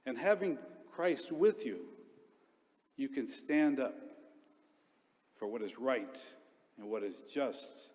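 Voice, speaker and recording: Earnest deacon preaching in an echoing church. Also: male voice, mid-range voice, lively intonation, darkish tone. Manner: earnest storytelling delivery in short, paused phrases. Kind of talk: homily. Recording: long church reverb.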